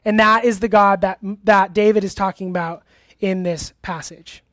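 A relaxed youth pastor gives an interactive sermon to a live group in a church hall, often stopping to ask questions and take answers. His voice sits at a middle pitch at a moderate pace, casual and chatty, with easy laughter and many fillers. The recording is dry and close with almost no room echo.

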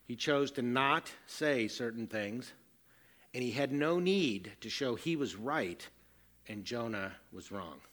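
Taking it slowly in an animated, mid-range voice, the middle-aged pastor sounds bright and clear-edged as he gives his sermon. He stays earnest and pokes fun at himself, using stories about his family to drive points home.

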